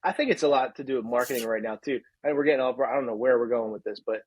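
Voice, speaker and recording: A man's voice: mid-range voice, racing, breathy edge, rough recording. A man in his thirties co-hosting a podcast in casual chat, ranting and laughing at his own jokes. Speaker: podcast co-host.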